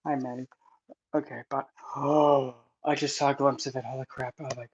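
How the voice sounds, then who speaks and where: A man's voice: mid-range voice, little pitch movement, a little fast, husky. A man unboxing his self-published book in a casual vlog, nervous and emotional, exclaiming as he goes. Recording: dull lo-fi sound with faint noise.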